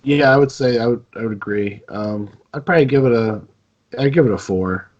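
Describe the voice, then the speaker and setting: A man co-hosting a casual movie podcast, talking in a measured, hedging, analytical way. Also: medium pitch. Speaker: podcast co-host. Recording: dull lo-fi mic.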